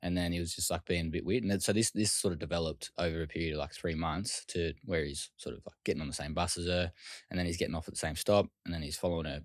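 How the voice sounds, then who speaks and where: A man's voice: sits low, fast talker, no echo, studio quality. An Australian man telling his life story as an interview guest, in a loose, casual way with frequent swearing and fillers.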